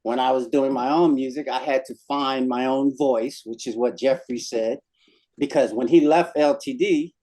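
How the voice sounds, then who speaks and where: A man, a guest singer in a casual interview, telling animated stories and laughing often. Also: medium pitch, moderate pace.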